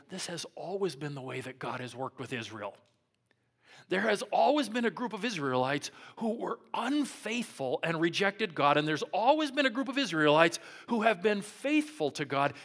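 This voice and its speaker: A man preaching a sermon with a slightly high voice. He acts the story out as he goes, climbing to loud taunts and then sinking to a hush. It sounds like a pastor in full storytelling mode. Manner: dramatic storytelling, swinging from loud taunts to hushed near-whispers.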